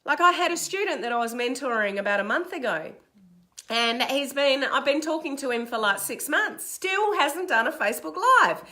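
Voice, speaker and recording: A middle-aged woman with an Australian accent, giving a direct, energetic motivational talk as a coach on a live stream and reading out viewer comments as she goes. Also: sits high, moderate pace. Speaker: online business coach.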